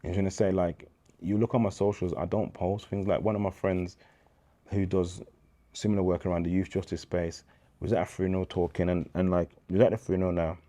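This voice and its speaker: A deep-voiced man from Birmingham, England, appears as a guest on a casual interview, telling stories at a brisk pace. He's an animated storyteller who leans heavily on slang and acts out the dialogue he quotes.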